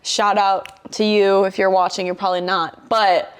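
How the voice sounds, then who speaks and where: Brief young woman guest, lively storyteller, acts out quotes, swears a lot, mid-pitched. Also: moderate pace, clear, resonant tone. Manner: animated, acts out her own quotes, swears often. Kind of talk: casual podcast storytelling.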